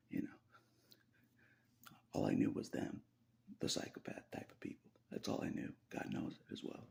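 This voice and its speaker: A man's voice: lowish voice, gravelly, darkish tone. A man hosting his own channel, talking in a rambling confessional monologue that he often half-whispers, swearing casually and laughing between lines. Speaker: YouTube channel host.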